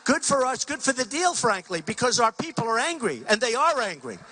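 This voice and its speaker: A man's voice: very high voice, big pitch swings, a little fast, pushed and bright. A man giving a campaign rally speech at a podium mic, rambling and repeating himself, often acting out conversations. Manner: rambling and repetitive, acting out dialogues. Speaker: political candidate. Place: large rally venue.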